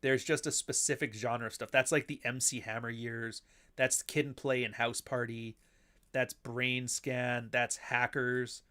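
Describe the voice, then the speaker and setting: A man chatting loosely on a livestream, drifting from one topic to the next with plenty of casual swearing. His voice sits at an ordinary middle pitch as he reads out and answers the chat. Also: level tone, measured pace, bright, forceful tone. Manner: rambling, profane, reads chat aloud. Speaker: livestream host.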